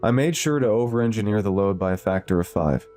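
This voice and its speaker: Eager, proud male engineer, read by the narrator, low and mellow. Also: quick pace, faint music behind, lightly acted. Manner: excited, eager.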